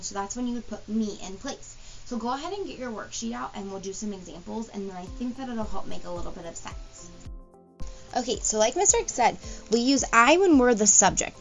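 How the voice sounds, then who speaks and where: A woman teaching a grammar lesson to young students, patient and explanatory, slowing down to spell out example sentences. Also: medium pitch. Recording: dull lo-fi recording with faint music.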